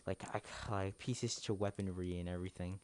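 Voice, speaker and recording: Casual male livestream commentator, lowish voice, loose rambling delivery with frequent laughs. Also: fairly even intonation, a little fast, darkish tone, slight background noise. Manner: chatty, laughs often, rambling. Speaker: streamer.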